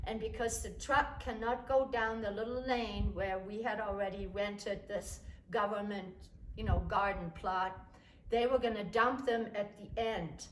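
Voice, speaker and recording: A woman telling a personal childhood story, animated and acting out her family's voices. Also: medium pitch, measured pace. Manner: animated, acts out family members. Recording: echoey room, faint noise.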